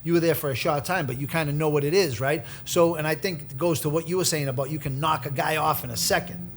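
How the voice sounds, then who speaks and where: A man's voice: a little high, fairly even intonation, quick pace, a little hiss or hum. A man, talking casually on a podcast and explaining with many fillers. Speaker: podcast host.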